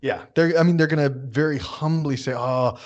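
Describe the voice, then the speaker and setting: A man co-hosting a casual podcast chat, explaining phrases patiently and repeating them slowly. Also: on the high side, darkish tone, muffled recording. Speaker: podcast co-host.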